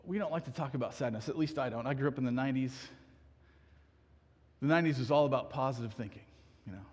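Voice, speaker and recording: A man's voice: mid-range voice, fast talker, slightly rough, long reverb tail. A man in his thirties preaching a sermon, earnestly asking the congregation questions and often restarting his sentences. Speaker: pastor.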